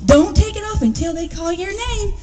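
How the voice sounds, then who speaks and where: A woman doing Cricket, a chirpy flattering bug barber. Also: very high voice, moderate pace, soft background music, voice pushed up. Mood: coaxing. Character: boastful male cricket barber, sly and eager.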